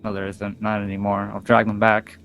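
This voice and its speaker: A man's voice: fairly low pitch, monotone, fairly quick, creaky, a bit bright, a little hiss or hum. A man teasing his friends in casual chat before a tabletop game. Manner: teasing, mocking banter.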